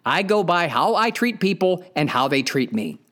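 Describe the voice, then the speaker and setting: A man's voice: sits high, big pitch swings, normal speed, a bit bright. Blunt, profane man ranting on a podcast. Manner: emphatic, repeats key points. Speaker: podcast host. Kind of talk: opinionated podcast monologue.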